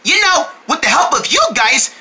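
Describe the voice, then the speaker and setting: Woman, kids' cartoon storyteller: very animated, bright and a little husky, playful. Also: high voice, moderate pace. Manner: playful and excitable, calls out to the audience. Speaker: children's video storyteller. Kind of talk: animated voice acting for kids, talking to the viewers.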